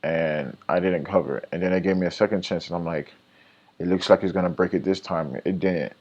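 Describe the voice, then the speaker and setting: A man's voice: sits low, a little fast, darkish tone, muffled recording. A man recapping his day trades in a casual vlog, rambling and self-critical, with lots of fillers and restarts.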